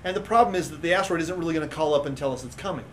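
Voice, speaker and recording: A man talks fast in a slightly high voice, explaining space news with eager energy. He stumbles and restarts now and then in relaxed radio chat. A faint hiss sits behind him. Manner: enthusiastic explainer, stammers and restarts. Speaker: space science guest.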